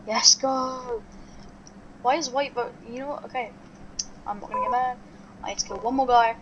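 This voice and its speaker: A woman giving excitable live gameplay commentary as a video host, thinking aloud to herself. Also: on the high side, normal speed, muffled recording. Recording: clear background noise.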